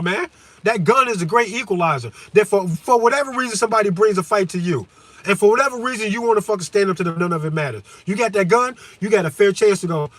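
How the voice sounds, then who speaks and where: High-voiced man ranting fervently. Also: expressive, a little fast, no room sound. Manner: fervent, swings between low musing and loud shouting; heavy hesitation fillers. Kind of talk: profane rant to viewers.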